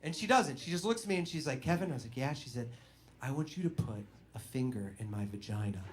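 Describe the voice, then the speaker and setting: A young man doing stand-up, telling a story in an animated way and acting out the voices of other people. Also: medium pitch, fast, noisy background. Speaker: stand-up comedian.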